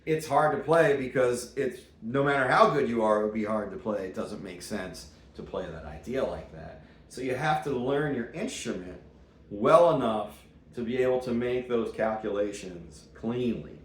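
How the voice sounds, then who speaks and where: A man's voice: mid-range voice, moderate pace. A man teaching jazz guitar in a casual, chatty way, full of puns and playful asides. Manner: playful, punny, chatty asides between examples. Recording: roomy sound with loud guitar playing.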